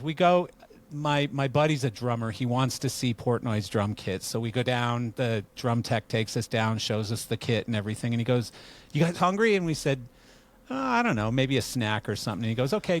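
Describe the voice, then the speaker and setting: A middle-aged man hosting a podcast, telling an anecdote in a relaxed way and laughing as he acts out quoted lines. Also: medium pitch, brisk. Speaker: podcast host. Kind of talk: casual storytelling interview.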